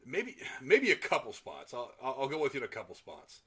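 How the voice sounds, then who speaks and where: Bright-voiced male podcast co-host. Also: mid-range voice, huge pitch swings, brisk. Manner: reads listener comments aloud and responds. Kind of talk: casual movie review chat.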